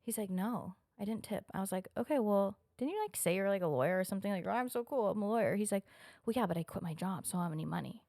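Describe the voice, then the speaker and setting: A woman with a gravelly, creaky edge talks quickly through a story. She quotes each exchange bluntly and swears as she goes, in a dry, close recording. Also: mid-range voice, dark tone, dry recording. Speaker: podcast guest. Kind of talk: casual chat, storytelling.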